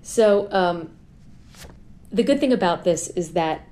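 American woman telling anecdotes, low-pitched. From United States. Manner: animated, measured anecdotal telling. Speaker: blogger, podcast guest. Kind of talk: casual chat, storytelling.

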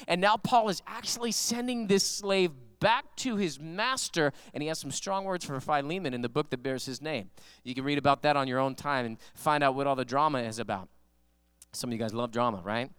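A male pastor preaching a sermon, animated and conversational, telling stories with emphatic rises in his voice. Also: on the high side, moderate pace, clear, resonant tone, no room sound.

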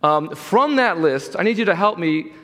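Male pastor, fairly high voice, earnest sermon delivery, reverberant church hall. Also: animated, normal speed. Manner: earnest preaching, rising loud for quoted voices, dropping quiet.

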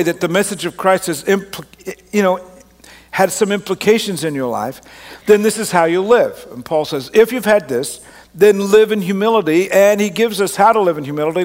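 A man with a mixed Australian and Canadian accent, preaching a conversational, self-deprecating sermon from a church stage into a microphone. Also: high voice. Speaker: pastor. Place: large church auditorium on stage. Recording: long hall reverb.

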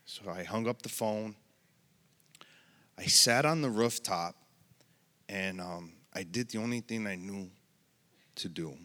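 A man's voice: fairly low pitch, bright, forceful tone. Earnest man giving a church testimony. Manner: earnest, emotional, halting. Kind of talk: personal testimony. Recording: long hall reverb.

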